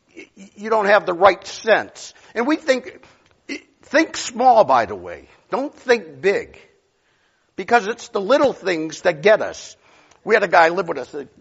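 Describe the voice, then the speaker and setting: Lively husky-voiced male pastor preaching. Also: fairly high pitch, lo-fi sound. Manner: animated storytelling, swings from loud outbursts to near whispers. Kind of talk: sermon.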